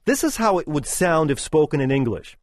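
Middle-aged male radio host, sardonic, higher voice, dry studio. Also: big pitch swings, fairly quick, no room sound. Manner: sardonic, opinionated. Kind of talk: radio talk show.

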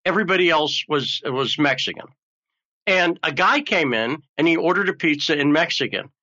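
A male talk show host rambling along in a joking, chatty way. His voice sits a bit high and sounds bright and forward. The audio is somewhat muffled and lo-fi. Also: expressive, moderate pace. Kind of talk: casual talk show chat.

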